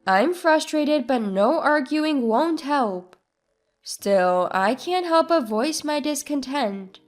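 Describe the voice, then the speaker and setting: A woman tells a first-person story in a slow, high voice. Her delivery is subdued and plaintive, with soft music under her. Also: animated. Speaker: narrator. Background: faint music.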